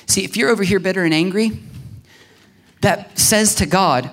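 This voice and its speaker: A man preaching a sermon in an animated way, acting out prayers and quotes, at times dropping to a hushed near-whisper. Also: moderate pace. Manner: animated, acts out prayers and quotes with swings in pitch and loudness. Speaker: pastor.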